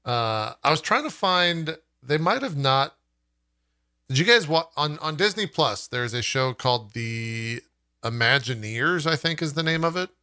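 A man co-hosting a podcast in casual chat, relaxed and pausing often with "uh". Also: on the high side, clear, resonant tone, no echo, clean studio sound. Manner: relaxed, frequent "uh" pauses. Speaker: podcast co-host.

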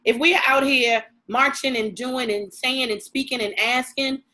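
A woman host leads the chat with casual questions and personal asides. Her voice is bright and sits slightly high. She keeps it conversational. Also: fairly even intonation, a little slow, poor audio. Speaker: morning show host. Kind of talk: conversational interview.

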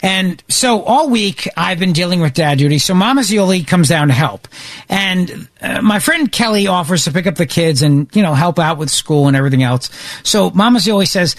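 A man's voice: sits high, lively intonation, moderate pace, no room sound. A middle-aged man hosting a casual chat show, telling a family story with playful mimicry. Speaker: podcast host.

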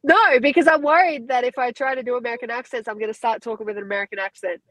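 A woman's voice: fairly high pitch, rapid-fire, fairly bright tone, no echo, poor audio. An Australian woman in her thirties, a guest fighter chatting casually in an interview, rambling and upbeat.

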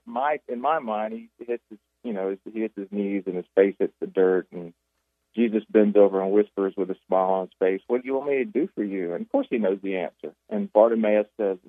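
A man, an author and radio guest, retelling Bible stories with animated storytelling and many restarts. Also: fairly low pitch, fairly quick, dry recording. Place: Jacksonville. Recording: tinny phone line.

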